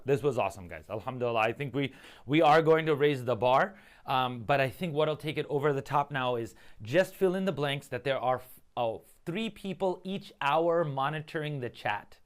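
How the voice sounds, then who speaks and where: A man leading a casual team meeting over a video call, talking energetically and quickly. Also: mid-range voice, clean tone. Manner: energetic, quick, animated retelling. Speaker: program lead.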